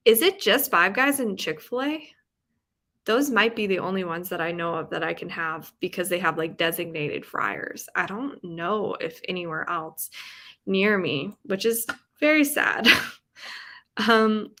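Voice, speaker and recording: Young woman, bright clear tone, bubbly, chatty, laughs a lot, casual livestream talk. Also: mid-range voice. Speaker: livestream host reading with viewers. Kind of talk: casual chat reading chat messages aloud. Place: home, with rain sounds.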